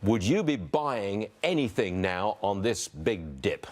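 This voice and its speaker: A man anchoring a live business news show, reading out market figures in a brisk, conversational way with quips between the numbers. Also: fairly low pitch, big pitch swings.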